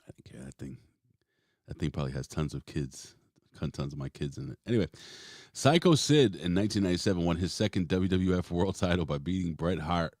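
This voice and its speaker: Low-voiced and talking fast, this wrestling podcast host in his forties rambles through animated stories, cursing without restraint. The sound is studio-grade, with no room ambience at all.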